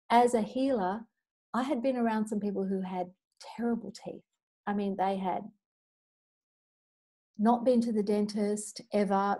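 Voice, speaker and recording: This is a middle-aged woman leading a healing class, with a mellow, warm tone. She talks in an earnest, chatty way and shares personal stories. Every so often she rattles off a long recited clearing formula at speed. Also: medium pitch. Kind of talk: spoken teaching talk with clearing statements.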